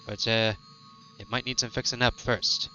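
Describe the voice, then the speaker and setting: A man's voice: mid-range voice, level tone, normal speed, sharp tone, dull audio, soft background music. Man as a down-on-his-luck sea captain, folksy pirate brogue, sheepish and cheerful. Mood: grateful.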